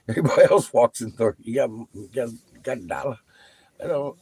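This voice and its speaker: A man hosting his own channel, talking casually to viewers, animated and profane, laughing often. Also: mid-range voice, slightly rough. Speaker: channel host.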